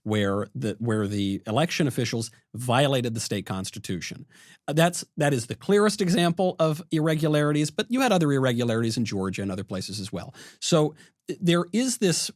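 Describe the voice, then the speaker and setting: Animated male co-host, dry close sound. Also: mid-range voice, no room sound. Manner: animated, thinks aloud with long setups. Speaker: podcast co-host, interviewer. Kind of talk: conversational interview.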